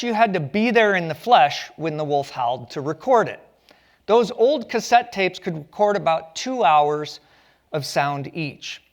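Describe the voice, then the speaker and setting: A man giving a public lecture on stage, telling stories with a playful, joking manner. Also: on the high side. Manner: playful storytelling with jokes. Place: stage at a community arts center.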